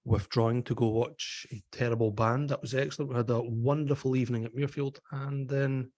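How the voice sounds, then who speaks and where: A man's voice: medium pitch, fairly even intonation, a little fast, darkish tone. A man, co-hosting a golf podcast and telling joking stories in casual chat. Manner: joking storyteller. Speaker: co-host, golf professional.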